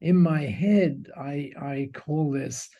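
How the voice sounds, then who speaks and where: A man retelling the words of a soft-spoken young Japanese woman, speaking slowly and gently. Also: a little high, creaky, muffled recording, full character voice. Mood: gentle.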